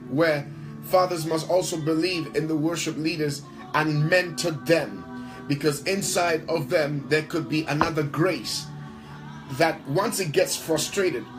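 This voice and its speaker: Man, worship leader, fairly high voice, emphatic preaching delivery, repeats lines for stress, soft music underneath. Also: rough recording. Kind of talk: interview answer, preacher-like talk.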